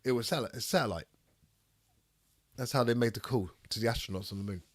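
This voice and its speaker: Raspy man, sick and rambling. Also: medium pitch, fairly quick, dry recording. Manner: reads chat aloud, rambling and swearing. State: ill with a cold, raspy throat. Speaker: streamer hosting a debate. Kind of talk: casual live-stream chat.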